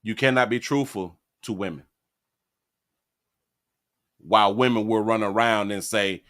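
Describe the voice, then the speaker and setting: A man hosting a live stream, ranting animatedly with frequent laughs, repeated words and loud high outbursts. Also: unhurried, pauses often. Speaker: live-stream show host. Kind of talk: live-stream commentary rant.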